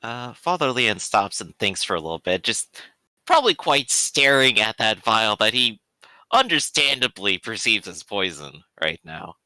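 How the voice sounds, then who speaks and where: A man in a tabletop game who chats casually and describes what his character does. His voice is bright and lively, though it sits fairly low, and it sounds dry. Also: moderate pace, dry recording. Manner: chatty, narrates his character's actions. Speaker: player. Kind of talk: tabletop role-play chat.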